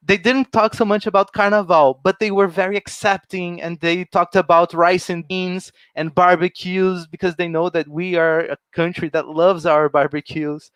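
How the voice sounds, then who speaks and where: A man's voice: a little high, fairly bright tone, smooth, dry recording. A young man from Brazil, giving a friendly, enthusiastic presentation while walking through slides. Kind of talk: informal presentation.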